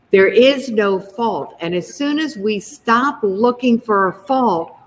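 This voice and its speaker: A woman guest author explains her views emphatically at a middle pitch. She leans on her key points as she talks, and her voice trails off in a long, reverberant room sound. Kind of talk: conversational advice.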